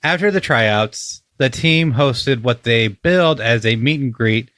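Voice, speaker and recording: A man co-hosting a casual sports podcast, playful and joking in a relaxed way. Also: mid-range voice, unhurried, no room sound. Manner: playful, jokes with put-on radio DJ openings. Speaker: podcast co-host.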